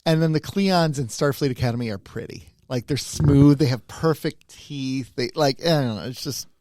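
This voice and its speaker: Male podcast co-host, middle pitch, dry close sound, rambling self-deprecating delivery. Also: moderate pace, darkish tone, dry recording. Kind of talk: casual chat.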